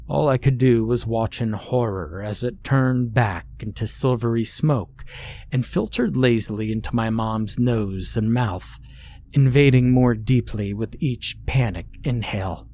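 Man, horror narration, unhurried delivery, lowish voice, faint hiss behind. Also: a little mellow. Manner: slow, measured storytelling. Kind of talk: scripted narration.

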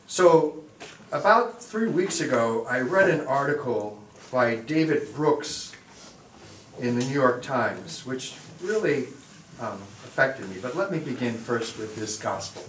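Priest telling a funny story, echoey. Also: male voice, medium pitch, a little slow. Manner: lively anecdotal, self-deprecating humor. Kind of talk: humorous storytelling talk to a parish group. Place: church or parish hall. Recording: echoey, distant mic, faint room noise.

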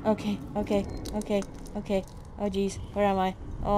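A woman's voice: medium pitch, completely flat delivery, a little fast, few pauses. A woman commenting on a horror video game as she plays, muttering plans to herself and swearing in panic. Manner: jittery, swearing, panicky under pressure. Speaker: let's play gamer. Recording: game music behind voice.

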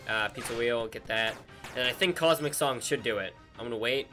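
A man doing excitable let's play commentary, reacting aloud to the game as he plays. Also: medium pitch, brisk, soft background music. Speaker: gameplay commentator.

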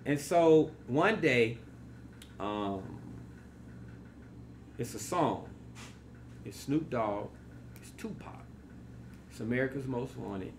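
A radio personality in his forties, appearing as a podcast guest, tells casual stories and acts out the people he quotes with animation. His medium-pitched voice moves slowly with frequent pauses, and there's background noise.

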